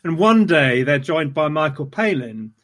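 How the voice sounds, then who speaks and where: A man hosting a relaxed conversation. He rambles through anecdotes with self-deprecating asides, and his pitch leaps up and drops back often. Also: measured pace. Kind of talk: casual conversation.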